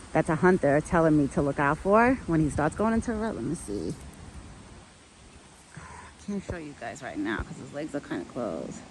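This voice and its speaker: A woman's voice: lowish voice, a little mellow, slight background noise, rough recording. Chatty woman vlogging outdoors. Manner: chatty, with many "like" fillers. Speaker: vlogger who cares for a pet deer. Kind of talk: casual chat to camera. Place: outdoors in a yard near a street.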